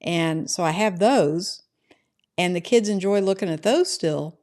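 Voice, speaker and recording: A woman's voice: fairly low pitch, a little slow, a little mellow. A middle-aged woman hosting a casual livestream from her home, chatting loosely and answering viewers' comments. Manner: rambling and chatty, often adds "right?". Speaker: livestream host reading chat.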